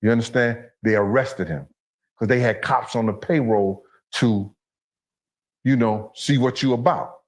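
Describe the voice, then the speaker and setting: A man's voice: medium pitch, unhurried. A streetwise man holds the floor as an interview guest. His talk comes in long, rambling stories, and he keeps checking in with his listener as he goes. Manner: streetwise, repeats "you understand?". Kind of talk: storytelling in an interview clip.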